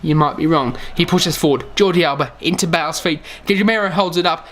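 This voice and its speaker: A man's voice: sits high, steady tone, quick pace, few pauses, fairly bright tone. A tired young man, talking over his own game footage and calling every play to his "lads". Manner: calls each play, says "lads" often. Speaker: gaming YouTuber.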